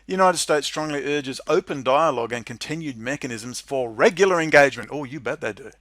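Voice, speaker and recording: A man reading out a policy document and ranting about it in sarcastic commentary, often breaking into mocking, high-pitched laughter. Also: lively intonation, a little fast, a bit bright, no room sound, clean studio sound. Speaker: political commentary vlogger.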